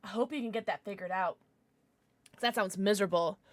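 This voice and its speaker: A woman's voice: mid-range voice, fairly quick. A young adult woman streaming live, chatting passionately with her chat and swearing freely.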